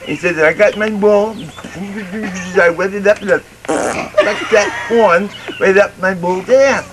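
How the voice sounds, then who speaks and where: A man's voice: high-pitched, slow, noisy background. A man telling a long folksy joke in a drawling, storytelling manner, voicing the people in it as he goes. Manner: drawling storyteller, rising and excited toward the end. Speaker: joke teller.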